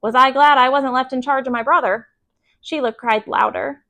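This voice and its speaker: A woman reading a children's book aloud as a bedtime story, calm and clear. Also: high-pitched, moderate pace.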